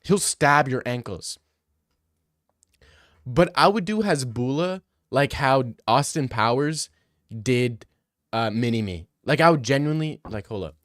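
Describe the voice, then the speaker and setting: A man's voice: medium pitch, animated, measured pace, no room sound, clean studio sound. A young man rambling through crude comedic riffs, laughing as he goes.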